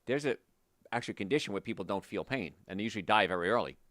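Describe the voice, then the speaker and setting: A man's voice: on the low side, fast, no echo, clean studio sound. A man hosting a health show, giving an emphatic, motivational talk straight to his listeners. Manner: emphatic, animated, speaks directly to listeners.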